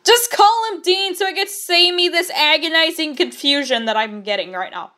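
A woman's voice: extremely high pitch, lively intonation, normal speed, bright, forceful tone. A woman reading fan fiction aloud with comic commentary; she laughs often and stumbles over words.

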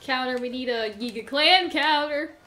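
Excitable high bright young woman gamer. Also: moderate pace. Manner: excitable, shrieks and panics, then rambles and laughs at herself. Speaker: gameplay commentator. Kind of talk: let's play commentary.

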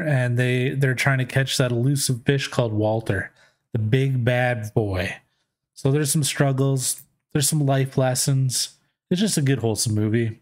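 A man hosts his own vlog and talks casually in a relaxed, unhurried way. He often pauses on fillers as he goes. His voice sits at an ordinary middle pitch. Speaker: vlog host. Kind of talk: casual chat.

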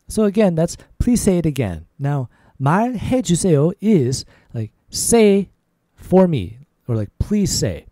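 A man's voice: fairly high pitch, dry recording, clean studio sound. Casual male podcast language teacher. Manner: repeats phrases slowly, then faster, for drilling; relaxed, casual teaching with many "like" fillers.

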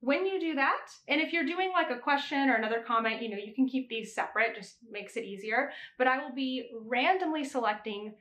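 A woman's voice: sits high, animated, fairly quick, hardly any pauses, fairly bright tone, roomy sound. A young adult woman hosting a knitting podcast, chatting casually and laughing now and then as she corrects herself. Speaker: podcast host. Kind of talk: casual chat.

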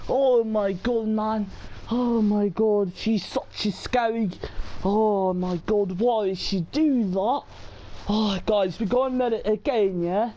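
A woman's voice: mid-range voice, takes it slowly, dark tone, low-quality recording. A woman giving horror game commentary, exclaiming and complaining and tacking questioning tags onto her sentences. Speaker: gamer.

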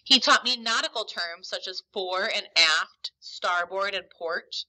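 A woman teacher reading a novel aloud to a class in an expressive, emphatic storytelling manner. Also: mid-range voice, measured pace, poor audio.

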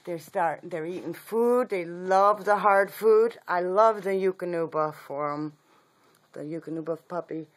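A woman breeder talking casually about her puppies, often cooing to them in soft baby talk. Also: fairly low pitch, unhurried. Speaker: dog breeder. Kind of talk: casual video chat with puppies.

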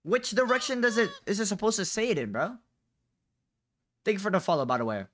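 Restless and questioning, a live streamer chats with viewers, tossing out "bro" and "dude" often. Their mid-range voice is very animated and a little fast, picked up by a close condenser desk mic at home with slight hiss or hum.

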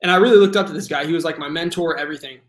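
A man in his twenties, a guest telling his story in a casual, earnest way, full of fillers and animated retelling. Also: a little high, very fast, roomy sound. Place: home room.

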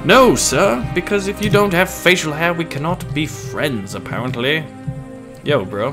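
A man's voice: on the high side, expressive, measured pace, over music. A man with a scratchy voice, giving joking, casual commentary on a game as he plays. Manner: playful, jokey, casual. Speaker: gaming channel host. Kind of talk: let's play commentary.

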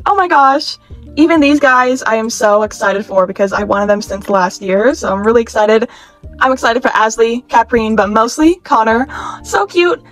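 A woman in her twenties chatting excitedly in a casual haul vlog, gushing and saying "like" often. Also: on the high side. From California. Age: 20s. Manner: bubbly, gushing, chatty with many "like"s. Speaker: YouTuber reviewing toys.

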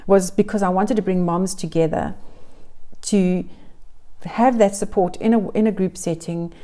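A woman's voice: fairly low pitch, fairly even intonation, measured pace, dark tone. A middle-aged woman giving earnest, encouraging parenting advice straight to camera, often repeating phrases in lists. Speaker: parenting coach. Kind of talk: direct-to-camera advice vlog.

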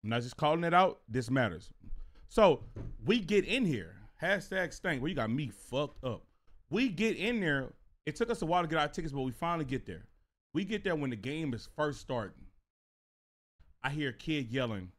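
A man's voice: a little high, moderate pace. A man streaming live, telling a story to his chat in a casual, profane way. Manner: animated and profane, talks straight to viewers.

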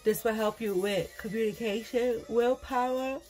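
A woman's voice: a little high, fairly even intonation, normal speed, darkish tone, soft background music. A tired woman giving a casual tarot reading, loose and laughing, swearing and slipping into whispers. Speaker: tarot reader.

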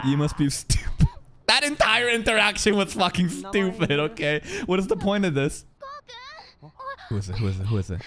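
Animated, cussing man reacting to anime. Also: fairly high pitch. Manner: excitable, profane, talks back to the screen. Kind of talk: live anime reaction commentary.

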